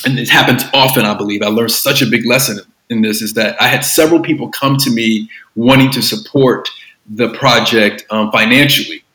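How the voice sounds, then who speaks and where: Male creative guest: bright tone, loose rambling delivery, roomy echo. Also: mid-range voice, steady tone, brisk. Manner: rambling, with many fillers and restarts. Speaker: filmmaker guest. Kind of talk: casual interview talk.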